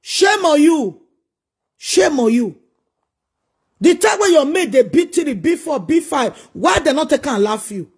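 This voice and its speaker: A man's voice: very high-pitched, sing-song, unhurried. A man with a Nigerian accent delivering a preachy, scolding monologue full of repeated rhetorical questions. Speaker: social media commentator.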